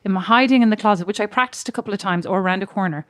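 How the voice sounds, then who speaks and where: A woman's voice: mid-range voice, rapid-fire, no room sound, clean studio sound. A woman with an Irish accent co-hosting a podcast in casual chat. She is self-mocking and laughs a lot. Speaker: podcast co-host.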